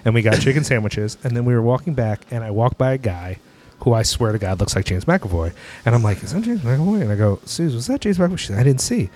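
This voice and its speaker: A man, co-hosting a podcast and telling animated anecdotes. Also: lowish voice, fast, slight background noise. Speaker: podcast co-host. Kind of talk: casual chat.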